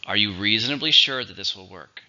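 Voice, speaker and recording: A man teaching an English vocabulary lesson, pronouncing words slowly and carefully for learners. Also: lowish voice, sharp tone. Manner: slow, careful pronunciation drills. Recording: dull lo-fi recording.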